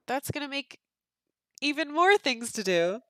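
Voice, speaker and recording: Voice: high-pitched, sing-song, measured pace, a bit bright, no echo, studio quality. A game streamer giving casual, self-mocking commentary and reading menus aloud while playing. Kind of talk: casual let's-play commentary.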